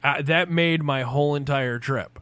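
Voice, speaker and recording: A man in his forties, a podcast host, telling a story in casual, profane chat, animated and loud at the big moments. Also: fairly high pitch, moderate pace, clear, resonant tone, no room sound.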